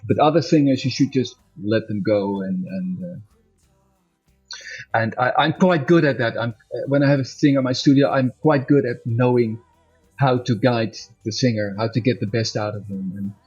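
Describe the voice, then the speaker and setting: Husky man in a rambling interview. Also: medium pitch, normal speed, darkish tone. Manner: rambling, self-correcting, laughs often. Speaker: interview guest, musician. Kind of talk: casual interview chat. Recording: dull lo-fi audio with faint music.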